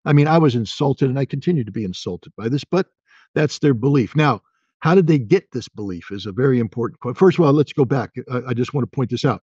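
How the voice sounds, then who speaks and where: An American man in his sixties, giving a halting, emphatic interview answer that turns forceful and defiant. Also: medium pitch, animated, slightly rough, no room sound. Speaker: interview guest. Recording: dull, dry remote call audio.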